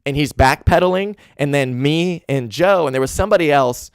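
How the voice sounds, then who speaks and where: Young male podcast host, rambling profane storyteller, clear smooth voice, dry close mic. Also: a little high, moderate pace, no room sound. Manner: rambling, animated, profane, with filler "like". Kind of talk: casual storytelling. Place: home room.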